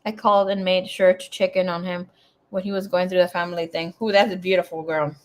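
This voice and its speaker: A woman's voice: on the low side, flat delivery, a little fast. A woman giving a casual tarot reading in a chatty, blunt way, swearing freely as she talks. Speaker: tarot reader.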